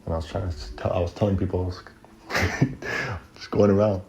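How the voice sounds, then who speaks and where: A man's voice: low-pitched, flat delivery, very fast, gravelly, warm tone, soft background music. A man telling a personal story in a casual, rambling, slangy way, laughing at it now and then.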